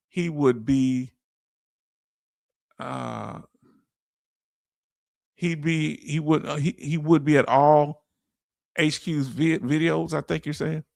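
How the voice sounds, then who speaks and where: A man hosting a casual livestream, reading chat messages aloud with animated, laughing energy. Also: mid-range voice, dry recording, studio quality. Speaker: livestream host.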